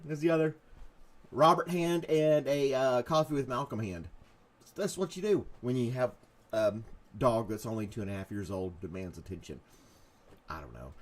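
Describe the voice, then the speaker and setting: A man hosting a live morning chat show, rambling and self-mocking, with jokey asides to his dog and to viewers. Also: mid-range voice.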